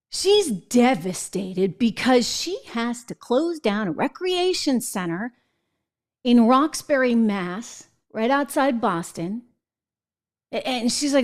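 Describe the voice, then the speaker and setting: A middle-aged woman from New England hosting a political commentary show, talking emphatically and checking in with viewers. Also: sits high. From New England, United States. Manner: emphatic, conversational, asks viewers "right?". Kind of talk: opinionated commentary.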